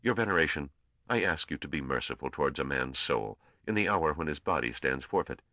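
A man reading an audiobook voices a male trader who pleads in a quiet, careful, formal way. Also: very deep voice, animated, fairly quick, no echo, muffled recording, full character voice. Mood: pleading. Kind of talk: audiobook character voice.

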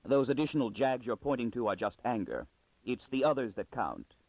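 Brief: jittery, paranoid librarian, read by a man, pitch leaping wildly, thin phone-like sound. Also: very animated, fairly quick, slightly rough, no echo. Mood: uneasy. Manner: hesitant, breaking into high shrieks. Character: nervous male librarian, frantic and paranoid. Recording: dry, phone-like narrow sound.

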